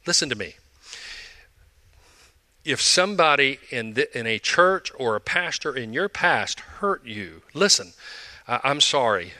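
A man's voice: mid-range voice, big pitch swings, measured pace, pauses often, sharp tone, dry recording. A man in his sixties, a pastor preaching a sermon in an emphatic, conversational way.

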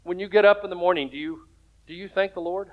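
A man's voice: sits high, steady tone, fast, narrow, tinny audio. A man preaching a sermon as pastor, telling stories in a conversational way and rising to emphatic points.

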